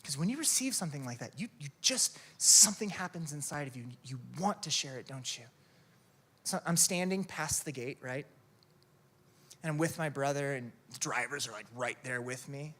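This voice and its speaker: A man's voice: on the high side, moderate pace. A man preaching a sermon, telling stories and asking rhetorical questions. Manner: animated storytelling with rhetorical questions. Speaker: pastor.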